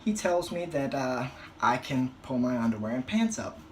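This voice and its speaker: Young male stand-up comic, profane and crude, mid-pitched voice, bursts of shouting, faint hiss behind. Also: normal speed. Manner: crude, profane storytelling with animated outbursts. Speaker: stand-up comedian. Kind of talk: stand-up comedy routine.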